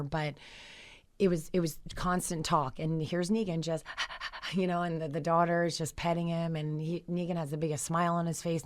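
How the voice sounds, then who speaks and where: A middle-aged woman, founder of a therapy dog group, telling emotional, rambling stories in a radio interview with many fillers. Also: low voice.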